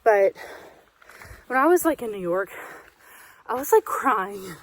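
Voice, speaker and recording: A woman's voice: medium pitch, expressive, a little hiss or hum, rough recording. Breathless woman vlogging on a trail. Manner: chatty, rambling, quick to laugh. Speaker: vlogger hiking solo. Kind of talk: casual vlog monologue. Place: outdoors on a wooded trail.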